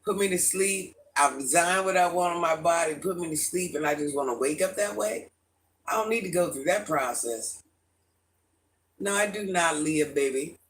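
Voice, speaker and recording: Chatty livestreamer with a higher voice. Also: male voice, moderate pace, a little hiss or hum. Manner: chatty, addresses viewers by name, animated. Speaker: livestream host. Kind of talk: casual livestream chat reading viewer comments.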